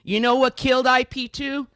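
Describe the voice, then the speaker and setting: A man's voice: very high-pitched, bright, forceful tone, no room sound. A man hosting a livestream news show, ranting in an angry, profane, combative way.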